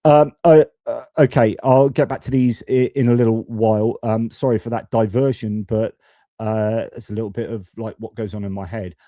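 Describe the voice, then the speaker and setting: A man's voice: on the low side, steady tone, normal speed, mellow, no room sound. A man, hosting a live stream and giving blunt, casual commentary with swearing and frequent restarts. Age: 40s. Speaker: host of a geopolitics live stream.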